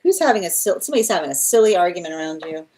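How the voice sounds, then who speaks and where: A woman with a fairly low, warm voice races through a live tarot reading, animated and rambling. She keeps restarting, tosses in exasperated asides, and laughs often as she mocks.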